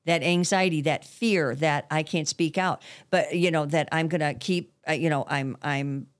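Older woman with a very low voice. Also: fairly even intonation, moderate pace. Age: 60s. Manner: candid and earnest, sprinkles mild swearing. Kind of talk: casual conversation.

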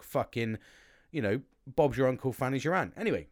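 A man's voice: mid-range voice, animated, brisk, no room sound, clean studio sound. Sweary rambling British man. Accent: British English. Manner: sweary, rambling, many restarts. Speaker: podcast host. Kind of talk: casual rambling monologue.

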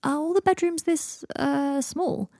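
A woman's voice: high-pitched, unhurried, gravelly, dark tone, no echo, studio quality, voice pushed up. Woman reading a hesitant young wizard. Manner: hesitant and tentative. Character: awkward, earnest young wizard man.

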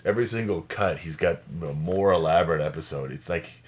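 A man with a deep, low voice co-hosting a podcast. He talks casually over drinks and teases his friend with dry humor. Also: fairly quick. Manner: dry, teasing. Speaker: podcast co-host.

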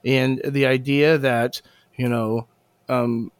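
A man's voice: mid-range voice, little pitch movement, smooth, no room sound. A man co-hosting a podcast, debating casually with many restarts and frequent laughs. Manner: halting, many restarts and fillers, laughs often. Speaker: podcast co-host.

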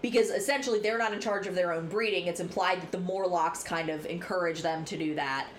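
A young adult woman co-hosts a podcast, chatting frankly and rambling through her points with the occasional swear word. Her voice is fairly low, steady and brisk, with faint background noise behind it.

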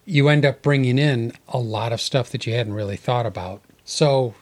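A man co-hosting a podcast in easygoing conversation. He thinks out loud and tends to push back on points, often trailing off mid-thought. His pitch is average. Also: moderate pace. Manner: musing, contrarian, trails off. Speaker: podcast co-host. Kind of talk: casual chat.

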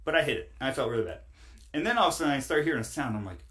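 Animated man telling road stories. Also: medium pitch, rapid-fire. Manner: animated, laughing, rambling with many fillers. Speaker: podcast guest. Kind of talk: casual storytelling chat.

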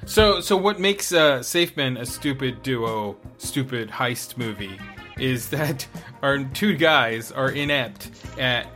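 Bright-voiced man explaining casually. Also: medium pitch, lively intonation, takes it slowly, soft background music. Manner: explanatory, lots of fillers like "like" and "uh". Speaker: podcast co-host. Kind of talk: casual chat.

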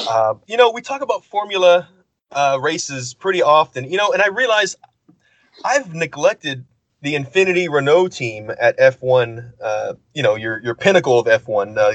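A man co-hosting a podcast, talking in an easygoing, relaxed way with many fillers like "uh" and "you know". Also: medium pitch, no room sound. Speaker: podcast co-host. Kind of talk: casual chat.

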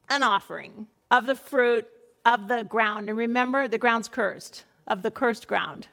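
A middle-aged woman leading a Bible study, her voice pitched a touch high. She talks conversationally, reading scripture aloud and weaving in stories from her own family life. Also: moderate pace, creaky, a bit bright. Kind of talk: scripture teaching talk.

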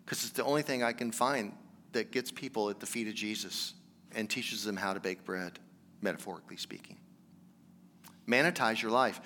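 Male pastor, casual then fervent sermon delivery, crisp bright tone, long church reverb. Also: lowish voice, normal speed, a little hiss or hum. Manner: conversational, earnest preaching that builds to emphatic exhortation.

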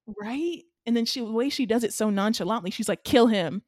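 A woman co-hosting a casual chat, recapping a film in an animated, rambling way with lots of fillers. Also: a little high, brisk, no room sound, studio quality. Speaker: podcast co-host.

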